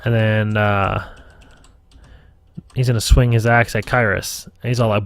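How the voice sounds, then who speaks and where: A man's voice: fairly low pitch, fairly even intonation, measured pace, no echo. A man running a casual live tutorial stream as game master, rambling, swearing and talking to himself at his computer. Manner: rambling, profane, self-talking.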